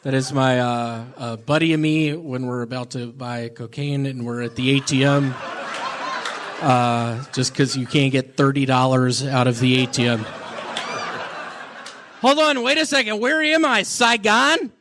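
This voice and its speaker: A man doing stand-up and chatting on a comedy panel, with a halting, awkward delivery full of pauses. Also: mid-range voice, little pitch movement, background noise. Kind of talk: deadpan stand-up and banter.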